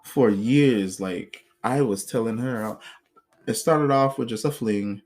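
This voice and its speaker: A man talking straight into his own podcast, recounting his life in a loose, unscripted monologue. He is blunt and swears freely. He stays animated throughout and acts out other people's words as he goes. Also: medium pitch, slow. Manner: blunt, profane, animated retelling with acted quotes. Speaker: podcast host. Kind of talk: casual storytelling monologue.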